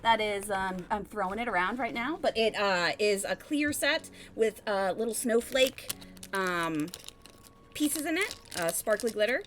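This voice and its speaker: A woman's voice: medium pitch, animated, a little slow, background noise. A woman hosting a tabletop game stream, chatty and rambling as she reads announcements. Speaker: stream host.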